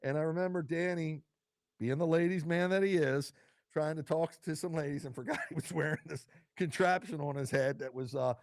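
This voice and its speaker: A man's voice: mid-range voice, a little mellow, dry recording. A man hosting his own vodcast from a studio, talking casually and rambling with fillers and restarts. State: choked up with emotion. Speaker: podcast host. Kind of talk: casual solo vodcast talk.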